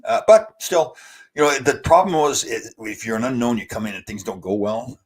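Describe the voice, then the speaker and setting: A man's voice: medium pitch, lively intonation, normal speed, husky. A man in his sixties hosting a casual live stream, reading viewer comments aloud and answering them with rambling stories. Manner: chatty, storytelling, reads out viewer comments. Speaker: host.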